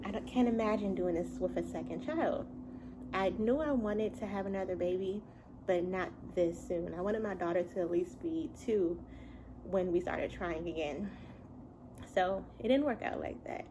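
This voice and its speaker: A young adult woman telling a casual story at home, chatty and animated, often breaking into laughs. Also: lowish voice, a little hiss or hum, rough recording. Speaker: vlogger and mother.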